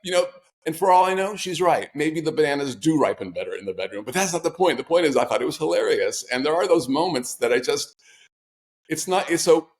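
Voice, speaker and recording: A man's voice: fairly high pitch, expressive, fairly quick. A man, the author guest in an interview, telling personal stories in a reflective, conversational way with flashes of wry humor.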